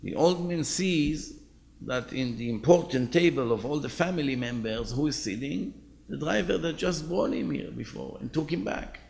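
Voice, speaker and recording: Gravelly, animated rabbi telling a story. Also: male voice, fairly high pitch, normal speed. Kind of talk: storytelling sermon.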